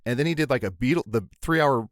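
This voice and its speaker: A man chatting as a podcast guest, telling playful stories in an animated way, a little tipsy. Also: medium pitch, quick pace, no echo, studio quality. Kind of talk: casual chat.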